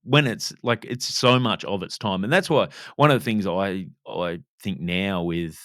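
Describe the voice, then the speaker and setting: A man, a comedian hosting a podcast, telling lively anecdotes and calling people "mate". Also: low-pitched, measured pace, no room sound, clean studio sound. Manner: says "mate" a lot, animated anecdotes. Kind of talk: casual chat.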